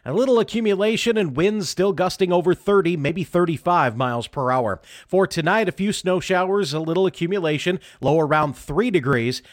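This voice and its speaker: A man reading a radio weather forecast in a brisk, even delivery. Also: high voice, no echo, studio quality.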